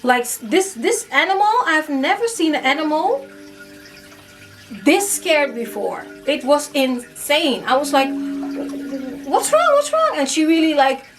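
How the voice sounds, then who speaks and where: A woman casually telling a personal ghost story to camera, animated and full of "like" fillers. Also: sits high, a little slow, far from the mic, music in the background, poor audio. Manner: animated, acts out her own past reactions, many "like" fillers. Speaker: storytime YouTuber.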